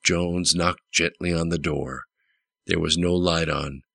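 A man narrating an audiobook with steady, plain storytelling. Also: sits low, slow pace, gravelly, no echo.

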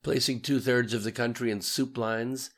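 A man voicing a confident male strategist in an audiobook, brisk and self-assured. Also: medium pitch, fairly even intonation, fairly bright tone, voice pushed up, close to an everyday voice. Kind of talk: audiobook character reading.

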